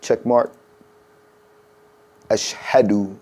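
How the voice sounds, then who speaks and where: A man's voice: fairly low pitch, steady tone, extremely slow, darkish tone. A man teaching a workshop in a mosque room. He talks casually, checks in often with "okay?" and says pronunciations aloud to show them. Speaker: adhan workshop instructor.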